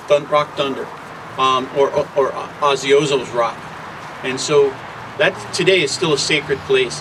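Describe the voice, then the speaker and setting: A man telling a traditional creation story at an unhurried, conversational pace, with occasional filler words, outdoors. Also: medium pitch. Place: outdoors near traffic. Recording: distant mic with loud traffic noise.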